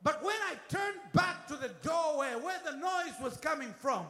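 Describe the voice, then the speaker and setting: A man preaching a fervent sermon with a British accent, often shouting and calling for the congregation's response. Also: extremely high pitch, lively intonation, moderate pace. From Britain. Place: church. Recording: echoey church hall.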